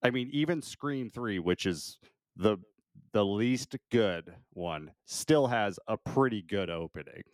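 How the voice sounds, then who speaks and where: A man co-hosting a podcast, relaxed and laughing often as he steers a casual chat about a film. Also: on the low side, slow, no room sound, clean studio sound. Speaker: podcast co-host.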